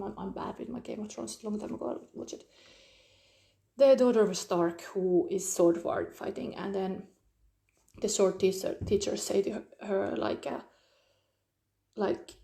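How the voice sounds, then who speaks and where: Mellow-voiced woman rambling through a tarot reading. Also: medium pitch, vocal fry. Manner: rambling, searching for words, frequent fillers. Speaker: tarot reader. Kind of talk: live-streamed tarot reading.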